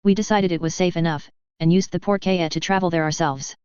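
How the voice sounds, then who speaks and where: Woman reading sardonic tired young male wizard, dry drawl, clipped, low smooth voice, dull lo-fi sound. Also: steady tone, fairly quick, darkish tone, no echo, natural voice. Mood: dry, prickly. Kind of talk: fan fiction read aloud.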